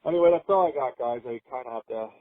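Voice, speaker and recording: A man's voice: mid-range voice, fast, no echo. A man chatting casually as a podcast co-host, rambling and upbeat with lots of fillers, heard over a phone-quality line. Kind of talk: casual chat.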